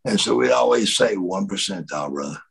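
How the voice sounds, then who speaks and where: A middle-aged man with a gravelly, husky voice tells stories in an interview. His pitch swings widely as he acts out quotes and stumbles over repeated words, in a loose, animated way. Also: a little fast, poor audio. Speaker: interview guest, former wrestler. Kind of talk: storytelling in a shoot interview.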